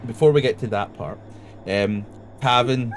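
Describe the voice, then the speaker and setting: A man narrating a tabletop role-playing game as game master, unhurried, with fillers. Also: lowish voice, a crowd in the background, poor audio.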